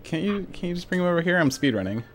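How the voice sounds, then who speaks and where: A man's voice: fairly high pitch, very animated, very fast, slight background noise. A man streaming a speedrun, mumbling asides between sudden frustrated outbursts at the game. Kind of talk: casual gaming commentary.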